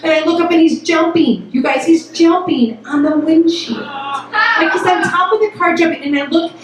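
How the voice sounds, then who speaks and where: A woman from Toledo, Ohio, telling a personal story on stage to a live audience, animated and full of swearing, acting out every quote. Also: very high-pitched, normal speed, background noise. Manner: profane, animated, acts out quotes. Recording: echoey hall, mic at a distance.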